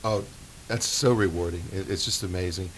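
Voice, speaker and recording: A man's voice: deep voice, fairly even intonation, moderate pace. An older man, a longtime performer, earnestly telling a rambling story on a radio show. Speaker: guest singer and performer. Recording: faint hiss.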